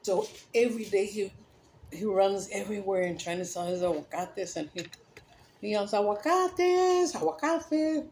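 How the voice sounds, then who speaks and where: A woman vlogger casually telling a joke in a rambling, animated way and correcting herself as she goes. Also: medium pitch, normal speed, slight background noise. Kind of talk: casual storytelling.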